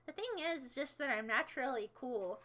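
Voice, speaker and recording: A woman's voice: high-pitched, fairly quick, bright, forceful tone. A young woman livestreaming, chatting to her viewers in a rambling, playful way with sudden dramatic outbursts. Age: young adult. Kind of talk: casual livestream chat.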